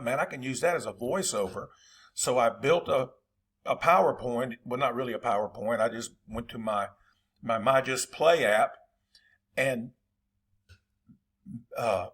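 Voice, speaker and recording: A man's voice: mid-range voice, a bit bright. A Southern-accented man who coaches football and hosts his own channel. He chats to his viewers in a folksy, easygoing way and wanders from one point to the next as he talks. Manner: folksy, rambling, chatty. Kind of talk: casual talk to viewers.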